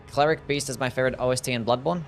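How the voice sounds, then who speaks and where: Joking Australian streamer guy. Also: medium pitch. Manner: joking, swears freely, teases his chat. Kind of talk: casual gaming livestream chat.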